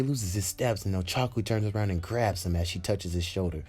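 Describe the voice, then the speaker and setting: A man's voice: lowish voice, a little fast, few pauses, a little mellow. A man narrating a homemade fan story in a casual, rambling way, with many fillers and restarts.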